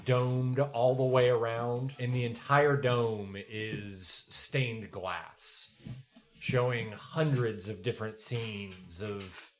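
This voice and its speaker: A man's voice: mid-range voice, fairly even intonation, slow pace. A man narrating a tabletop role-playing game as game master, describing scenes in a playful, descriptive way.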